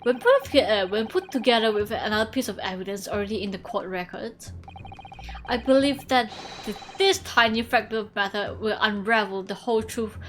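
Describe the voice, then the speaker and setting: A woman's voice: medium pitch, moderate pace, fairly bright tone, slight background noise, natural voice. A woman reading aloud the lines of an earnest young male defense lawyer from a game, stumbling now and then over the words.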